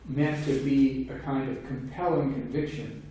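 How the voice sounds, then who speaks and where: A man's voice: medium pitch, fairly even intonation, measured pace, dark tone. An older man giving a discursive seminar talk on philosophy, with frequent restarts and fillers, now and then acting out quoted voices. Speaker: philosophy lecturer. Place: seminar room. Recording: very echoey room, distant mic, faint hiss.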